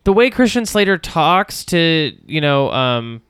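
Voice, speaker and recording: Man, podcast co-host, animated, rambling, smooth tone, dry sound. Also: a little high, a little slow, dry recording. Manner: animated, rambling, frequent fillers and restarts. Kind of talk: casual film discussion.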